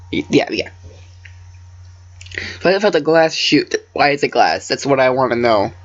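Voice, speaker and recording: A man's voice: mid-range voice, lively intonation, slow, pauses often, a bit bright. Rambling man reading fan fiction. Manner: rambling, self-deprecating, stumbles over words. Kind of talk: casual story reading with asides. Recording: dull lo-fi home recording.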